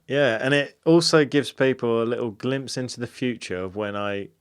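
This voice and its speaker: A man's voice: mid-range voice, moderate pace, clean tone. A man co-hosting a paranormal podcast, chatting casually in a self-deprecating way with frequent laughs. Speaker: podcast co-host. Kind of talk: casual chat.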